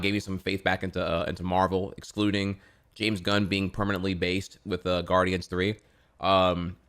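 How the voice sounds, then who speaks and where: A man's voice: on the low side, fairly bright tone. A man from Florida streaming casual reaction commentary, rambling with lots of fillers and swearing.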